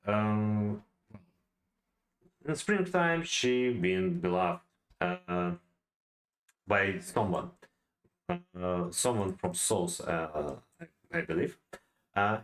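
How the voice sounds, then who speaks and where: Brief: man, slow deliberate delivery, low voice, hesitant study-aloud tone. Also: big pitch swings, rough recording. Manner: halting, many fillers and restarts, non-native phrasing. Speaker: self-taught poetry learner. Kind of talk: thinking-aloud study session.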